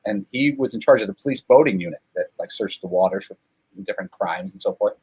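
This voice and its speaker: A man's voice: fairly low pitch, steady tone, fast, darkish tone, breathy edge, rough recording. A man from Chicago, a guest telling long, rambling, self-deprecating stories in a casual way, with many fillers. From Chicago, USA. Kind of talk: casual storytelling over a call.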